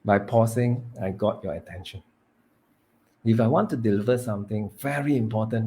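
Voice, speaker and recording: A man, training students in public speaking, who swings between loud emphasis and hushed delivery and stretches words for effect. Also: on the low side, normal speed. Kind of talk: live training talk.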